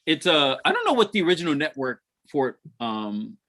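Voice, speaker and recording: A man's voice: on the high side, huge pitch swings, a little fast, a bit bright. A man chatting casually on a livestream, rambling with many restarts and frequent laughs. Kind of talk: casual chat.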